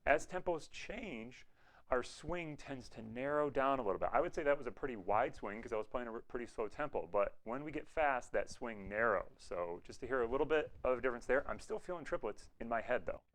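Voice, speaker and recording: A man's voice: mid-range voice, lively intonation, fairly quick, a bit bright, rough recording. A man giving an online music lesson on swing, explaining patiently and scatting rhythm syllables to demonstrate. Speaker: music teacher.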